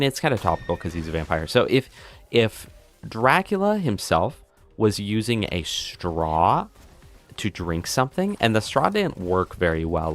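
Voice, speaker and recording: A man livestreaming a shooter game and chatting with his audience. His voice sits fairly low but swings widely in pitch as he jokes and reacts. Faint background music plays under the talk. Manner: joking, rambling setups for pun jokes to chat; animated, jumps into high excited outbursts. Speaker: streamer. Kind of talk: live gameplay commentary.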